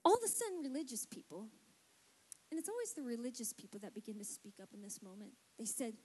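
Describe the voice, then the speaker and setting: A woman's voice: high-pitched, big pitch swings, quick pace, darkish tone, husky, in a large hall. A woman pastor preaching a sermon in a church and calling out for responses from the congregation. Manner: passionate preaching with call-and-response. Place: church sanctuary.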